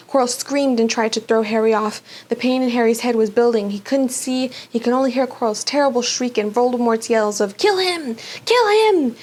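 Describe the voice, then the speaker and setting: A woman reads a children's fantasy novel aloud, expressive and dramatic in her storytelling. Her voice sits fairly high and lively. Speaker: book club reader.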